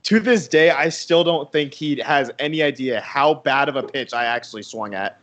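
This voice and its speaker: Co-hosting a baseball watch party, a young man tells a casual anecdote in a rambling way, using lots of fillers. His voice is medium-pitched and fairly bright, at a moderate pace.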